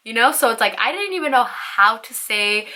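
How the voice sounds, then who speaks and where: A young woman telling a storytime vlog in a chatty, animated way, full of "like" and "you know", and swearing freely. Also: on the high side, normal speed. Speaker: vlogger.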